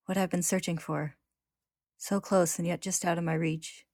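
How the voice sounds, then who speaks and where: Stubborn teenage male alchemist, voiced by a woman, shaken, low-pitched, dry sound. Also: level tone, measured pace, mellow, no echo. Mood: dazed. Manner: shaky, then defiant.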